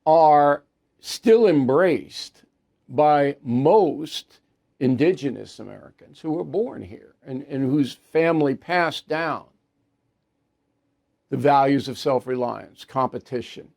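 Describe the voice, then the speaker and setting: Brief: older male news host, gravelly, slightly high voice, blunt and sarcastic commentary. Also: a little mellow. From New York. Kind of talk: opinion commentary monologue.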